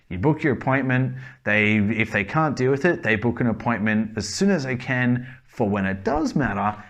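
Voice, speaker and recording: A man with an Australian accent talks plainly and bluntly, swearing freely as he gives his opinions. His voice sits at an ordinary middle pitch. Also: dull audio. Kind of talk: casual opinionated talk.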